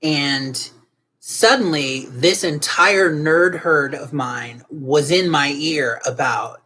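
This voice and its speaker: A woman guest artist in an interview, telling her story in an animated, emotional way with frequent restarts. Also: low voice, slow pace, a little hiss or hum.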